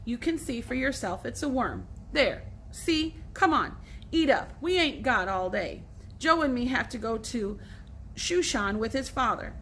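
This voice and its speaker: A woman's voice: a little high, sing-song, a little slow, fairly bright tone, slight background noise, heavily acted. A woman doing a pushy, impatient farm boy. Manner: impatient, bossy.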